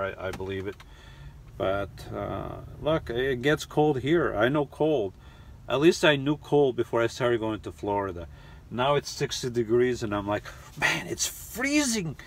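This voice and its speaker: A middle-aged man hosting a casual live chat, rambling and halting with lots of restarts and fillers. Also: on the low side, slight background noise. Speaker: live stream host reading chat. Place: lives in New York.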